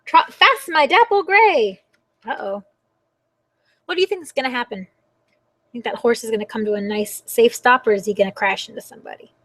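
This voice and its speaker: Animated sing-song woman reading to children. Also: medium pitch, fast. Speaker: children's librarian. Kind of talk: children's storytime read-aloud. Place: library.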